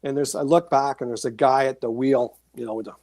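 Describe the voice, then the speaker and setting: Male guest, gravelly, animated storyteller, dry close sound. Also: mid-range voice, a little fast, no room sound. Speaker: guest, author and paranormal experiencer. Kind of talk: storytelling in a casual interview.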